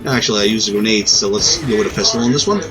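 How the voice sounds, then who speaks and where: A man's voice: lowish voice, rapid-fire, music in the background, poor audio. A man giving casual gameplay commentary as a game reviewer, hesitant and often stammering and restarting his sentences.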